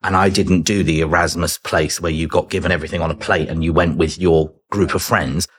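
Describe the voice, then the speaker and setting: A man's voice: low-pitched, steady tone, a little fast, a bit bright. A middle-aged man, a podcast guest, chatting casually, laughing easily and acting out remembered conversations. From Britain.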